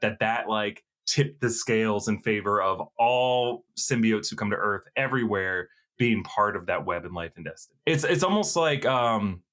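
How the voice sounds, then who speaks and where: A man's voice: on the low side, moderate pace, hardly any pauses, fairly bright tone. A man co-hosting a casual pop-culture discussion, rambling with lots of fillers and restarts. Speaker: co-host.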